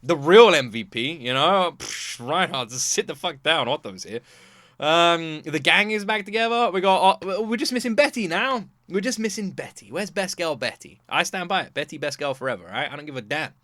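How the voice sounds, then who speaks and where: A man hosting a reaction video, chatting casually in an animated, joking way. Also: fairly high pitch, normal speed, no echo. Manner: animated, joking, acts out scenes.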